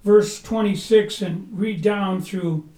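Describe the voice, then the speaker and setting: Impassioned high-voiced male preacher. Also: takes it slowly. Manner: impassioned, swings from loud to hushed. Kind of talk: sermon. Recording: echoey room, mic at a distance.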